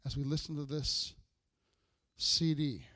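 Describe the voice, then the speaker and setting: A man with a high, bright voice preaches a sermon to his congregation. He reads scripture aloud and builds into emphatic bursts, and his voice sounds close and dry. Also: steady tone, unhurried, no room sound. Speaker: pastor.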